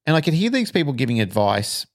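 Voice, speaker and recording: A man's voice: mid-range voice, sing-song, fast. A man, a dog trainer co-hosting a podcast, telling a story frankly and emotionally, with some swearing.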